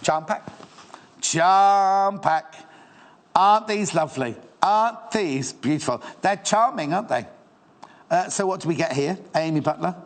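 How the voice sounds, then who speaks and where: A man's voice: a little high, expressive, normal speed. A man presenting fabrics on a shopping channel, gushing and rambling with playful asides to the crew. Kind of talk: chatty live selling of sewing fabrics.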